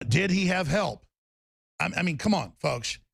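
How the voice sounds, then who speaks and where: A man hosting a talk show, ranting angrily and sometimes shouting, with sarcastic asides. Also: fairly high pitch, expressive, a little slow, creaky, husky, dry recording. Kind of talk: heated talk radio rant.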